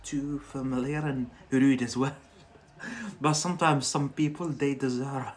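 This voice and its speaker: A man's voice: mid-range voice, fairly even intonation, a little slow. A man from Algeria, not a native English speaker, giving a chatty live-stream English lesson and answering viewers' questions with many fillers. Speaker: English teacher.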